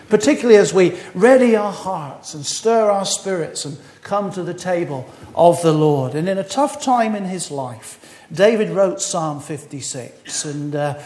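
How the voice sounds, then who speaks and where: A man with a high voice delivers a sermon in a church, his words ringing through a roomy, echoing space. He teases the congregation with gentle jokes, then slows to read scripture with weight. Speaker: preacher.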